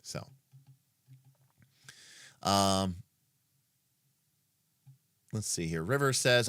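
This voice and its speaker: A man's voice: lowish voice, animated, normal speed, pauses often, pushed and bright, dry recording, clean studio sound. A man hosting a casual livestream who thinks aloud, with many fillers and restarts, in an emphatic, opinionated way. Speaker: livestream host.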